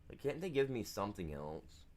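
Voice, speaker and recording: A man's voice: lowish voice, sing-song, fairly quick, a little mellow. A man from the United States chatting casually on a game live stream, rambling through stories in a self-deprecating way.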